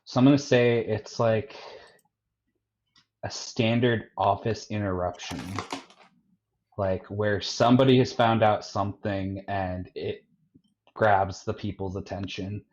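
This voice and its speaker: A man's voice: lowish voice, unhurried, pauses often, darkish tone, muffled recording. A man playing a tabletop game, speaking hesitantly as he reasons aloud with the game master. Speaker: player. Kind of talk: tabletop game role-play.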